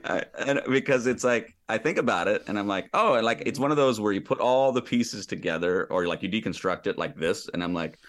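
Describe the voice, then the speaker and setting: A man's voice: fairly low pitch, brisk, few pauses. A man co-hosting a podcast in casual chat, rambling with frequent restarts and laughs. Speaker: podcast co-host.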